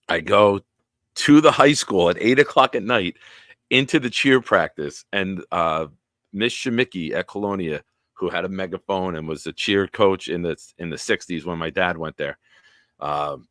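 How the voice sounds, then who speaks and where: A man hosting a casual live-stream chat, telling stories and acting out other people's lines loudly. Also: low-pitched, moderate pace, dry recording, studio quality. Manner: animated storyteller, acts out quotes loudly. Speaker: podcast host.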